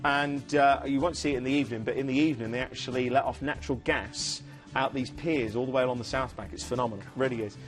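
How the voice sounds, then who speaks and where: A man's voice: medium pitch, fairly even intonation, quick pace, faint music behind. A man presenting a TV cruise sales show, chatting enthusiastically and rambling with fillers. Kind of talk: casual studio sales chat. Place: TV studio.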